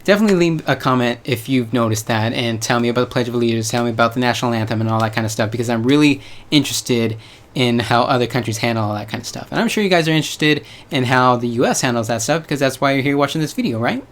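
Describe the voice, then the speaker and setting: A man's voice: medium pitch, fast, a bit bright. A young man from the United States talking casually to his viewers, rambling with hedges and slang. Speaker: vlogger. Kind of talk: casual vlog monologue.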